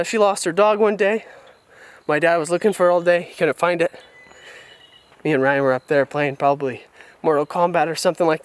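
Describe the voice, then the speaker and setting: A young man from California tells personal stories openly while walking outdoors. His voice sits slightly high for a man and comes through smooth and crisp. He sounds reflective and unguarded, picked up by the microphone on his handheld camera. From California, USA. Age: young adult. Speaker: vlogger. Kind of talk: candid personal storytelling. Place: outdoors on a rural family property. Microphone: camera mic on a handheld tripod.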